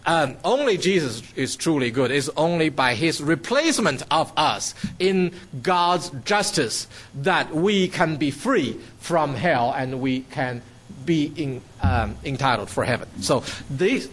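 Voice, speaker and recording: A man's voice: on the high side, lively intonation, measured pace, slightly rough. A man teaching a Bible passage in a sermon, explaining it step by step, with many fillers and restarts and frequent checks of "okay".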